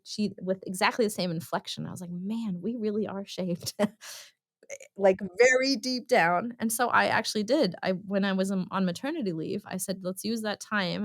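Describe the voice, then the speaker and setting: A woman talking as a guest in a podcast interview, telling personal stories in a chatty way and acting out what people said. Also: lowish voice. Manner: chatty storyteller, acts out quotes. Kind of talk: conversational interview.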